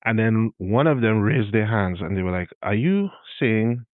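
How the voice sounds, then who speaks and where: Low-voiced Trinidadian man with tinny sound. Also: no echo. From Trinidad and Tobago. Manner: good-humored, spells out sounds slowly to demonstrate. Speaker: podcast host. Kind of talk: explanatory monologue, tutorial. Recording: dry, tinny phone-like sound.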